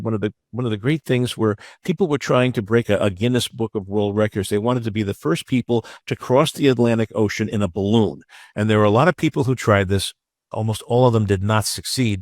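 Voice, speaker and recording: A man's voice: fairly low pitch, no room sound, studio quality. A man teaching a webinar as a business lawyer, frank and conversational, mixing advice with anecdotes. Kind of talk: webinar lecture.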